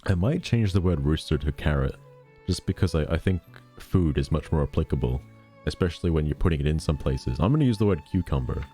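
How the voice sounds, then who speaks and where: Deep-voiced male storyteller, casual read-aloud, irreverent and profane. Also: lively intonation, fairly quick, warm tone, faint music behind. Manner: irreverent, swears, breaks off to joke. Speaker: storyteller reading a novel aloud.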